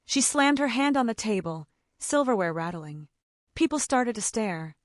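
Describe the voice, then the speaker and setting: Animated woman narrating a dramatic story. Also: a little high, dry recording, clean studio sound. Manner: measured, dramatic first-person telling.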